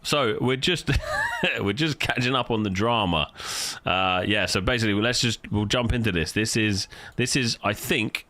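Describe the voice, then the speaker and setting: A man's voice: on the low side, moderate pace, sharp tone. A man live streaming, chatting casually with his viewers as he reacts, swearing freely and greeting people in chat by name.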